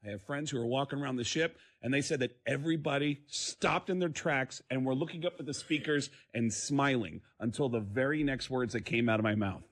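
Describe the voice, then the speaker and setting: A male comedian, a guest on a radio show, telling animated stories and acting out the quotes in different voices. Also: mid-range voice, brisk, hardly any pauses. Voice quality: acts out quotes in many voices.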